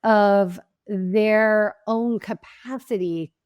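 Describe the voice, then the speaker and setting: Guest spot: woman grief coach, impassioned and emphatic, mid-pitched, dry close sound. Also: steady tone, extremely slow, clear, resonant tone, no echo, highs cut off. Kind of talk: earnest interview answers.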